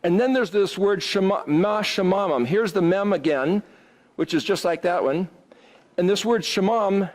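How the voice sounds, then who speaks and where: Animated high-voiced male bible teacher. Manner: animated, exclamatory, explains word roots. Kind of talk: bible study lesson.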